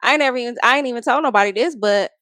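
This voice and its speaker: Podcast guest: young woman, lively pitch, salty and emphatic, dry close sound. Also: racing, no room sound. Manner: animated and emphatic, with frequent profanity. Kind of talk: candid casual chat.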